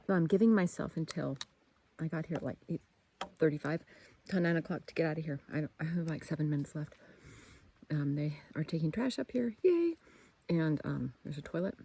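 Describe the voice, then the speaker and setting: A woman's voice: deep voice, brisk, dark tone. Chatty woman hiking a mountain trail. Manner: chatty, talks to camera while hiking, cheers on herself. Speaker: solo backpacker filming a hiking vlog. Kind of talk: casual on-trail video diary. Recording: outdoor trail recording with clear background noise.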